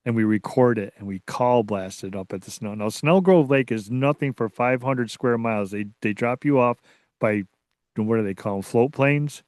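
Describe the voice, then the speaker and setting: A man being interviewed as a researcher, telling a story in a casual, excitable way that rambles and restarts. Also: medium pitch, moderate pace, no echo, clean studio sound. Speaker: guest, Bigfoot researcher.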